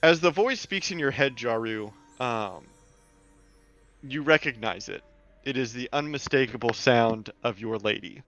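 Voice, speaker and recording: A man's voice: medium pitch, animated, a little slow, fairly bright tone, muffled recording, faint music behind. A man running a tabletop game, narrating scenes casually with fillers. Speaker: game master.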